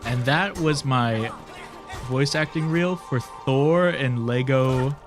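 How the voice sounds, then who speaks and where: Nasal young male streamer, mid-pitched, loose rambling chat with frequent laughs, faint music underneath. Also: takes it slowly. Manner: rambling, laughs often, swears casually. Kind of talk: casual gaming stream chat.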